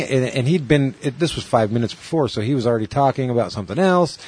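A man's voice: medium pitch, fast talker, few pauses, darkish tone, slightly rough. A man co-hosting a podcast in casual chat, rambling and swearing, acting out other people's lines as he retells a story. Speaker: podcast co-host.

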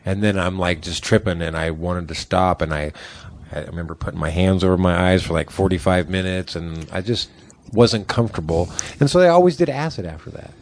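A man in his forties telling a wild story in casual chat, animated, swearing often and acting out the voices of people in it. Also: low-pitched, fairly quick.

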